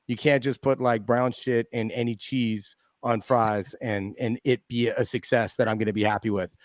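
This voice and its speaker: A man's voice: mid-range voice, steady tone, normal speed. A man from Canada co-hosting a sports stream, laid-back and swearing casually as he chats. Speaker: podcast co-host.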